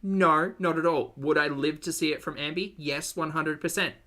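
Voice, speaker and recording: A man's voice: on the high side, moderate pace, sharp tone, a little hiss or hum. An Australian man giving sarcastic, chatty commentary while reacting to a video.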